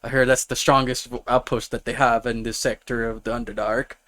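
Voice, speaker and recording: A man doing a gruff dwarf gate guard. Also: mid-range voice, level tone, fairly quick, a bit bright, close to an everyday voice.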